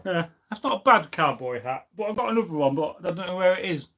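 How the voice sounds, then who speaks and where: A man chatting on a casual live stream, rambling from one thought to the next and reading viewers' comments. His voice sits a little high and has a bright, forceful edge. He sounds opinionated and loose, with plenty of ums along the way. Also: lively intonation, fast talker.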